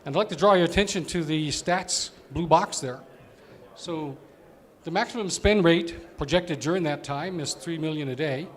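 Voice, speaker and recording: A man's voice: fairly high pitch, moderate pace. A man giving a conversational conference presentation as an operations executive, explaining with fillers.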